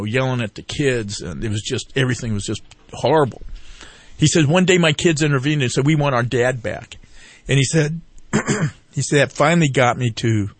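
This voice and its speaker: An earnest man talks as a veteran guest in a casual interview. His voice sits at an everyday pitch and sounds dry and close. He rambles, restarts, and keeps quoting what other people said to him. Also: no room sound. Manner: rambling storyteller who retells others' words. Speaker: veteran guest promoting a fishing group. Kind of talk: casual talk-radio interview.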